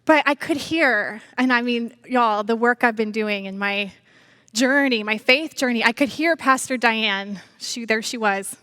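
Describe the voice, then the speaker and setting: Woman preaching in church, lively storytelling, kinda high voice, dry close sound. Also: a little slow, dry recording. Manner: animated storytelling, addresses congregation as y'all. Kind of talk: sermon.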